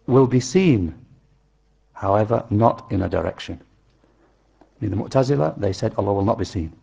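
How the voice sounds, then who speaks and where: A man with a low, gravelly voice and a husky edge teaches a religious lesson. He explains point by point, slowing down and repeating key phrases so they sink in. He speaks to a class in a lecture room. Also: warm tone.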